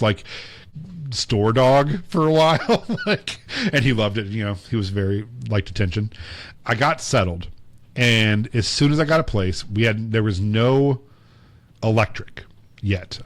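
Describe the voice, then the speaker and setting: A man's voice: fairly low pitch, dry recording. A man co-hosting a podcast, telling long casual stories with lots of fillers and acted-out quotes. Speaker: podcast co-host. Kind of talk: casual storytelling chat.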